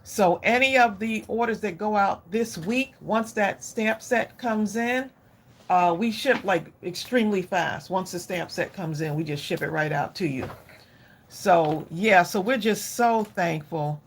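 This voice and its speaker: A middle-aged woman hosting a home crafting livestream. She talks to her viewers at an unhurried pace, chatty and gushing, with a mid-range voice. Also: mid-range voice, slight background noise. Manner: effusive, chatty, addresses viewers directly. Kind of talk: casual live chat with viewers.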